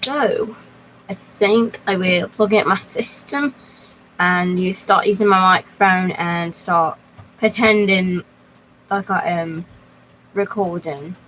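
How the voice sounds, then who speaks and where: Slow, rambling young woman streaming live. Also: on the low side, fairly bright tone, slight background noise, low-quality recording. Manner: slow, rambling and halting, talking to chat. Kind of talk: casual live stream chat.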